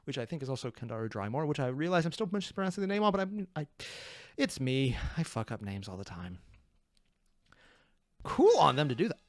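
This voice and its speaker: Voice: medium pitch, no echo, studio quality. A person hosting a reaction video, chatting casually, laughing often and cutting themselves off mid-thought. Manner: excitable, laughing, self-interrupting.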